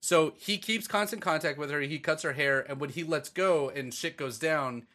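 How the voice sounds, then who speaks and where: A man with a bright, forceful voice pitched a little above the usual chats casually with a friend, eager and profane as he recounts a story. He talks in quick, energetic bursts. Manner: excited, profane, retelling a story with acted quotes. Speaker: podcast co-host. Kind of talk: casual chat.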